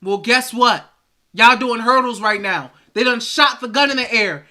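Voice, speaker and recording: A man's voice: very high voice, normal speed, bright, forceful tone. A man hosting a live sports stream, ranting in exasperation and repeating phrases for emphasis. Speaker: sports livestream host.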